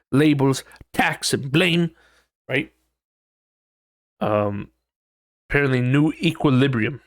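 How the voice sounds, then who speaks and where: A man with a medium-pitched voice hosts a casual solo podcast, recorded dry and at studio quality. He reads while thinking out loud, curses freely, and voices the people he quotes in exaggerated impressions.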